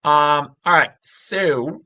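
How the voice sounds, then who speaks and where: A man's voice: a little high, drawn-out words, pushed and bright, no echo. A middle-aged man hosting his own channel, explaining casually with rambling, jokey asides and frequent self-interruptions. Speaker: channel host. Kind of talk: casual explainer talk over a screen.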